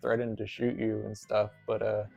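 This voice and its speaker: A man's voice: fairly low pitch, completely flat delivery, moderate pace, gravelly, darkish tone, highs cut off, soft background music. A man voicing a ditzy young hippie woman in a film recap, airy and flaky.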